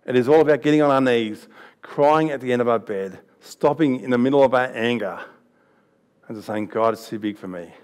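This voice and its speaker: Man, youth sermon, chatty storytelling, mid-pitched voice. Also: darkish tone. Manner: chatty storytelling with laughs and restarts. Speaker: youth pastor. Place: church hall.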